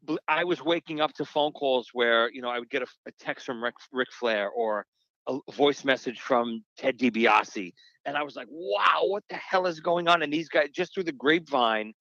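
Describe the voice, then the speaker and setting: Male guest, mid-pitched, storytelling with restarts; dry, slightly dull recording. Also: fairly bright tone, dry recording. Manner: storytelling, quick asides, frequent restarts. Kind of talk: casual podcast interview.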